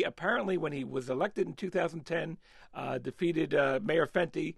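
A man's voice: a little high, gravelly, no echo, clean studio sound. A man talking politics as an analyst on a radio talk show, hesitant with many fillers and restarts.

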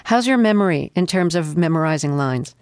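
An interviewer asking plain, measured questions to a guest. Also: mid-range voice, expressive, no room sound, clean studio sound.

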